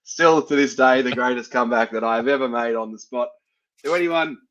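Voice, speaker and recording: A man's voice: mid-range voice, a little fast, a bit bright, a little hiss or hum. An Australian man hosting a sports podcast, chatting casually and laughing at his own fumbles. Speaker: podcast host. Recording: dull lo-fi sound.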